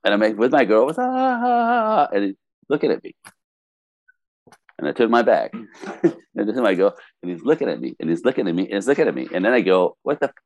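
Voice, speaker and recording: This middle-aged French Canadian man, a podcast guest with a French Canadian accent, tells a story animatedly, laughing often and voicing quotes in different characters. His voice sits on the low side and moves quickly, broken by long pauses, with no room sound.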